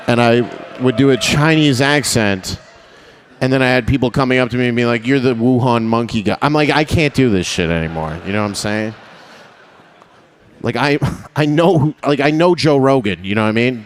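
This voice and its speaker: With a mid-range voice and a bit of background noise, a young man does live stand-up. He's crude and cocky, chats with the crowd, and laughs at his own material.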